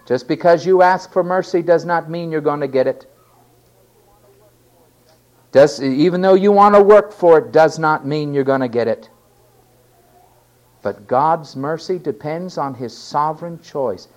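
A man preaching a sermon, stressing key words loudly and then dropping to quiet asides. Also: fairly high pitch, a little slow, long pauses. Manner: emphatic, swinging between loud stresses and quiet asides.

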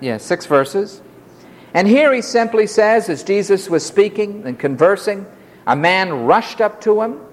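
A man preaching an expository sermon, telling the story expressively and acting out the quotes. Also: high-pitched.

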